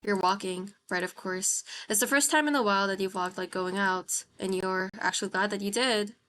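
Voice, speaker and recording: A woman's voice: medium pitch, normal speed, fairly bright tone. Woman reading a horror game aloud. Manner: reacts with gasps and apologies between reading. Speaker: streamer. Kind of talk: reading a visual novel aloud while playing.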